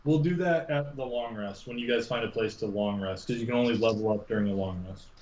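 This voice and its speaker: A man's voice: mid-range voice, fast, a little mellow. Man, game master, casual narration, roomy room, lo-fi muffled sound, faint noise.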